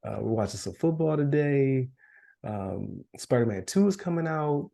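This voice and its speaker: A man's voice: mid-range voice, expressive, moderate pace, vocal fry, mellow. A man co-hosting a podcast in casual chat, losing his voice, rambling with fillers and frequent laughs. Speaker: podcast co-host.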